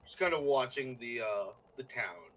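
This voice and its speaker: A man narrating as game master of a tabletop game, in a halting way with many fillers and restarts. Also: medium pitch, lively intonation, a bit bright, rough recording.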